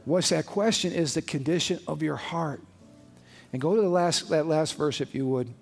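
A man's voice: on the high side, moderate pace, vocal fry. A male pastor preaching a sermon with emphatic, conversational delivery and frequent rhetorical questions. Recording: long hall reverb, faint music behind.

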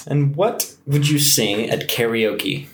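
A man hosts a relaxed podcast interview in a mid-range voice. He asks questions casually and drifts into chatty, thoughtful asides. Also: mid-range voice, slow pace, background noise. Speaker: podcast host.

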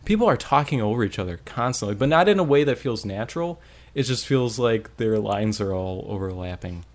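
A man chatting casually about a video game, rambling with lots of "like" and animated retelling. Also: on the low side, a little fast. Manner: rambling, frequent "like", animated storytelling. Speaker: podcast co-host reviewing a game. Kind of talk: casual chat.

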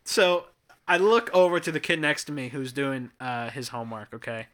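A young man co-hosting a podcast, telling an animated story with lots of laughs and restarts. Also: medium pitch, normal speed. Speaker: podcast co-host. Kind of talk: casual chat. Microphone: headphones and studio mic.

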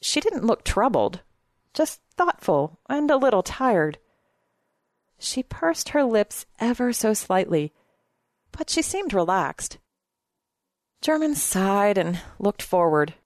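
A woman's voice: mid-range voice, sing-song, slow pace, pauses often, dry recording. Woman reading a story, dry sound. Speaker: narrator. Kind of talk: audiobook narration.

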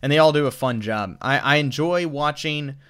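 A man's voice: a little high, normal speed, a bit bright, smooth. A man from the American South co-hosting a podcast, chatting casually and rambling with lots of restarts as he gives his movie opinions. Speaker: podcast co-host. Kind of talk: casual movie review chat.

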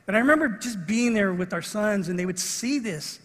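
A middle-aged man preaches with a high, husky voice that rings out through a large hall. He tells a story in an animated way and acts out the people in it. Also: quick pace. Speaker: pastor. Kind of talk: sermon with a personal story. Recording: long reverb of a large hall.

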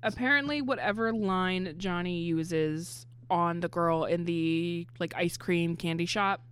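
A woman's voice: on the low side, a little slow, clear, resonant tone. A young adult woman co-hosting a podcast, talking frankly and casually about a cartoon, with many "like" fillers. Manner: chatty, frank, laughs often, many "like" fillers. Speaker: podcast co-host reviewing a cartoon. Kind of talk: casual chat.

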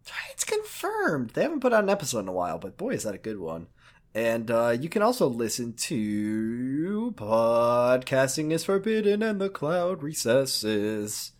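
A podcast co-host chatting casually, with profane mock rants and quick asides. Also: mid-range voice, big pitch swings.

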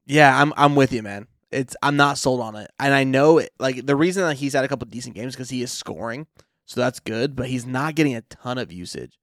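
A man co-hosting a fantasy football podcast, relaxed and agreeable, full of fillers like "I mean" and "like". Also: mid-range voice, a little fast, no echo, studio quality. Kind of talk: casual sports chat.

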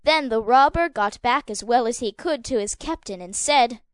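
A woman with a high, smooth and clear voice reads a fairy tale aloud as the narrator. Her delivery is measured and expressive, close to the mic with a dry, studio-like sound. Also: dry recording. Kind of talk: scripted storybook narration.

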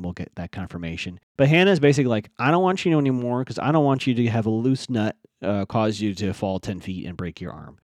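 A man casually recapping a TV episode as a podcast host, acting out the characters' lines in quick voices. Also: medium pitch, darkish tone, no echo, clean studio sound.

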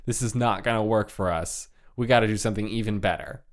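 Man, low-ish voice, loose comic storyteller in casual chat. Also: fast. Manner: loose, joking retelling full of "like" and laughs. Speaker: storyteller retelling a folk tale.

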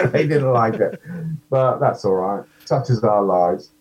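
A man's voice: fairly low pitch, expressive, slow pace, a little mellow, muffled recording. A man, an actor guest, chatting casually in an interview, self-deprecating and full of ums.

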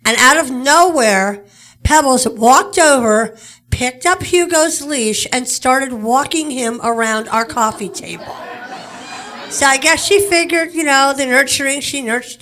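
A woman tells a chatty personal story to an audience. Her voice is fairly high and bright. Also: expressive, a little slow.

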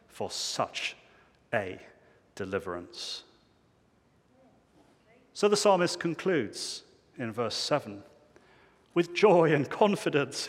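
A male pastor preaching a sermon in a church, emphatic, swinging between loud declarations and hushed low phrases. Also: big-room sound.

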